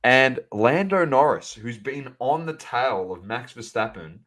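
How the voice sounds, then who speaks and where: A man co-hosting a sports podcast, chatting casually and animatedly, calling out to the audience as ladies and gentlemen. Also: medium pitch, measured pace. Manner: animated, banter-heavy, addresses listeners as ladies and gentlemen. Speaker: podcast co-host.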